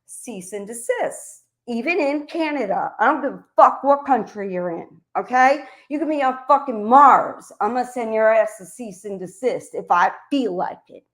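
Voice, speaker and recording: A woman's voice: a little high, animated, moderate pace, few pauses, a bit bright. A middle-aged woman streamer delivering an angry, profane, confrontational rant to her audience. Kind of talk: heated livestream rant.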